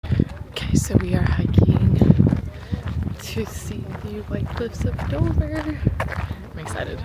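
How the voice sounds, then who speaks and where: Chatty woman vlogging over loud wind. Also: medium pitch, animated, slow pace, long pauses. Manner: chatty, with frequent "um" fillers. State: out of breath from running. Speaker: travel vlogger. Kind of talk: casual travel vlog with voice-over narration. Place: outdoors at a castle and clifftop trails.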